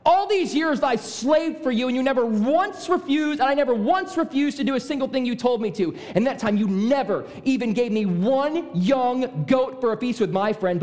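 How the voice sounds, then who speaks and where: A man's voice: sits high, long reverb tail, close to an everyday voice. A man voicing a resentful, angry older brother who complains with a raised, indignant voice.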